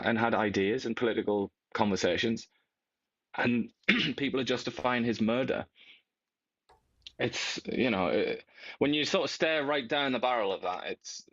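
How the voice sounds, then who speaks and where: A man co-hosting a political talk show, speaking in a reflective, measured way and ending points with tag questions. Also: lowish voice, fairly bright tone, no room sound. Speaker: co-host. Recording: dull, dry lo-fi remote audio.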